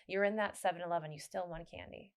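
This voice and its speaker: A woman with a fairly low voice hosts a loose, casual podcast chat. She rambles animatedly, stops and restarts her sentences often, and breaks into laughter. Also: fairly even intonation, quick pace. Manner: rambling, many restarts and fillers. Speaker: podcast host.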